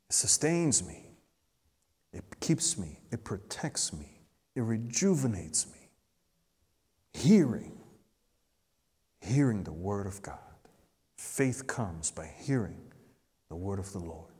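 Slow, swelling male preacher in a reverberant hall. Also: mid-range voice, expressive, slightly rough. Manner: swings between loud emphatic peaks and soft hushed asides. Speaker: pastor. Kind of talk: sermon.

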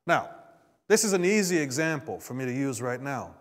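A man preaching a sermon to a congregation. He swings between quiet asides and emphatic rises, and calls out for responses. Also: medium pitch, sing-song, moderate pace. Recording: long hall reverb.

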